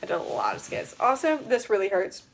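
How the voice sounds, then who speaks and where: A woman's voice: medium pitch, sing-song, a little fast, vocal fry. A young woman chatting casually on a livestream, rambling with lots of fillers and frequent giggles. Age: young adult. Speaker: vlogger.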